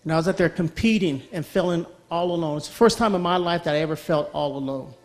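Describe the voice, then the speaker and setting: Guy sharing his faith story, earnest, keeps saying okay, voice a bit high. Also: quick pace. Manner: earnest, repeats phrases, asks okay. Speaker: guest speaker. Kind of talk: personal testimony talk.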